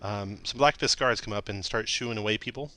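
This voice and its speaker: A man acting as dungeon master, narrating scenes and explaining rules in a relaxed way with occasional fillers. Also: lowish voice, a little fast. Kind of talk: narrating a tabletop game.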